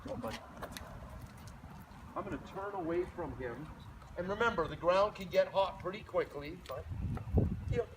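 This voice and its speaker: A dog trainer with a high voice walks outdoors at a moderate pace, explaining a leash lesson. He often breaks off to praise the dog in a light voice, recorded from a distant mic amid outdoor noise.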